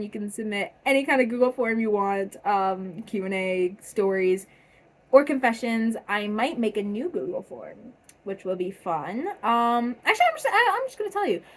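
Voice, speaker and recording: A young woman vlogger reading viewers' submitted stories aloud in a casual, chatty way, energetic and full of fillers. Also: a little high.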